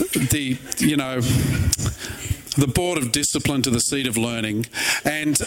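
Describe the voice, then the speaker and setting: Middle-aged pastor preaching, high voice, earnest but chatty, dry little jokes. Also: male voice. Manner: earnest and conversational, with wry asides. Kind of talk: sermon.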